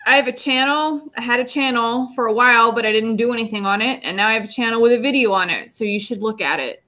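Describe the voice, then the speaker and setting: A woman's voice: a little high, fast talker, bright, forceful tone. A woman guest on a casual livestream chat, talking in a bubbly, rambling, self-deprecating way.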